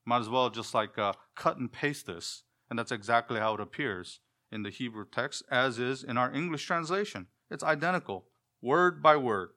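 A man preaching an expository sermon, asking the listeners questions and answering them himself, often trailing off softer at the ends of phrases. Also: medium pitch, moderate pace.

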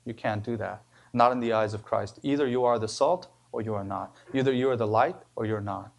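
A man preaching a sermon as pastor, emphatic, his voice rising on key words and dropping low at the ends of phrases. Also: fairly quick, vocal fry. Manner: emphatic preaching with rises and sudden drops.

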